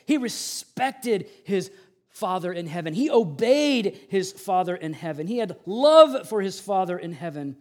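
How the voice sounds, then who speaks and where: A man in his forties preaching a sermon, animated, acting out mocking voices and swinging between loud and hushed delivery. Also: high voice, unhurried. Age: 40s. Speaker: pastor.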